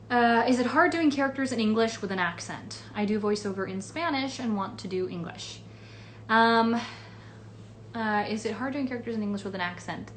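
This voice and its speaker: A woman's voice: medium pitch, fairly bright tone, slight background noise. Chatty woman answering fan questions. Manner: chatty, rambling with many fillers. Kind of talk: casual livestream Q&A. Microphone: phone or webcam livestream.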